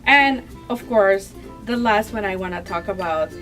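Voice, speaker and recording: A woman's voice: medium pitch, moderate pace, fairly bright tone, soft background music, rough recording. A woman guest chatting casually and enthusiastically about children's picture books, laughing often. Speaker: guest book reviewer.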